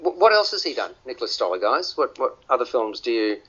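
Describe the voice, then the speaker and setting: A man's voice: mid-range voice, sing-song, fast, fairly bright tone, slightly rough. A man hosting a radio film review panel, often restarting and repeating words as he talks. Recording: dull lo-fi radio audio.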